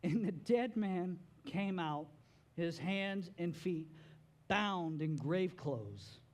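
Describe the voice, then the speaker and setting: A man preaching a sermon as pastor, animated, with playful joking asides. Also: sits high, slow pace.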